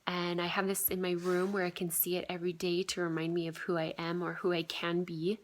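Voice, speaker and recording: A woman's voice: on the low side, gravelly. A woman in her thirties telling a personal healing story in a casual, earnest way, with frequent fillers and a voice that trails into a whisper at the end of phrases. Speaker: vlogger sharing a healing story.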